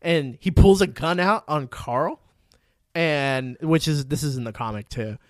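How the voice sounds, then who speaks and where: Male podcast host, profane and excitable, slightly high-pitched, dry booth sound. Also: unhurried, no room sound. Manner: profane, excitable storytelling recap; acts out quotes with sudden loud yelps. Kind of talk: casual chat.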